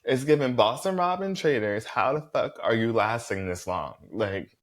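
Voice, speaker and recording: Profane, animated male recap host. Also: medium pitch. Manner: blunt, profane, heavy "like" filler, animated reactions. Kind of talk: casual spoken episode recap.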